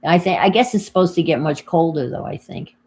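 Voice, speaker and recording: A woman's voice: low-pitched, fairly quick, vocal fry, a little mellow, a little hiss or hum. An older woman with a New York accent, chatting casually to viewers on her crafting livestream while she works. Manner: chatty, thinks aloud while working, greets viewers.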